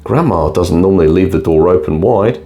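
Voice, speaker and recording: A trusting little girl in a red hood, as a man reads her for a bedtime storybook, gentle and innocent, a deep voice that climbs a bit for her, unhurried and soft. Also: close to an everyday voice. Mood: uneasy.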